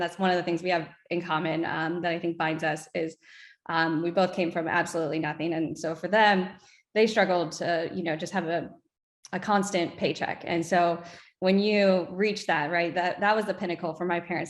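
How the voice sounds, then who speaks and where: A woman in her thirties speaks as an interview guest, earnest and reflective, often restarting her sentences. Her voice sits on the low side. The room around her rings with echo. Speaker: whiskey brand co-founder guest. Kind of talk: interview storytelling. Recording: echoey room.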